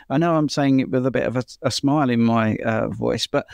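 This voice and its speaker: Man, medium pitch, chatty, explanatory, laughs easily, casual Q&A. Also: a little fast, vocal fry, hardly any pauses, darkish tone, smooth, no room sound, clean studio sound. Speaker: doctor answering viewer questions. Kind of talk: casual Q&A chat.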